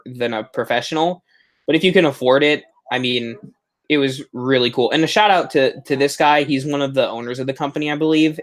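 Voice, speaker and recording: A young man hosting a live stream, chatting enthusiastically and a bit ramblingly about expo footage, often correcting himself mid-sentence. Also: medium pitch. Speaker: horror haunt channel host.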